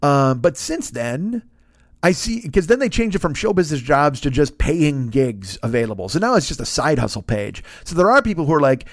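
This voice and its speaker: A man's voice: medium pitch, expressive, a little fast, no room sound, clean studio sound. A man, a comedian hosting a podcast, ranting casually and profanely while acting out quotes.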